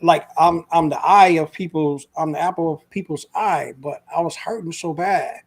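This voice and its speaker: A man's voice: fairly high pitch, normal speed, gravelly, breathy edge. A man, a guest on an interview show, earnestly telling a personal story in a casual, emotional way.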